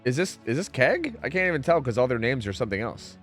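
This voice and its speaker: A young man streaming a game, chatting casually with viewers, rambling and swearing as he reacts loudly to chat. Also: mid-range voice, sing-song, quick pace, faint music behind.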